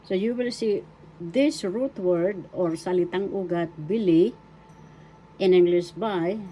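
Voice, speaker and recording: Woman teacher with a lowish voice, deliberate and syllable-by-syllable. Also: dark tone, slight background noise. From Philippines. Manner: slow, deliberate, spells out words syllable by syllable. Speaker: language teacher. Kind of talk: recorded language lesson.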